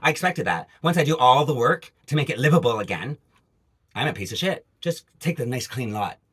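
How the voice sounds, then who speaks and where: Brief: Canadian man, profane angry vlog rant, bright and husky. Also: mid-range voice, animated, fairly quick. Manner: profane, agitated ranting with repeated asides. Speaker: vlogger.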